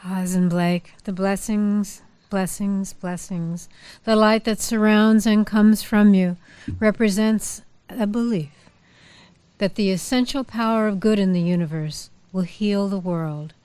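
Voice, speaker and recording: A woman officiating a wedding, leading the couple through their vows in a warm, playful, coaxing way. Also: medium pitch, fairly even intonation, unhurried, clear, resonant tone, no room sound.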